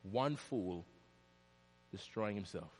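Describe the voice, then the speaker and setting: A man preaching a storytelling sermon, swinging from loud, high bursts to hushed asides. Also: expressive, slow pace. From Jamaica. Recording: long hall reverb.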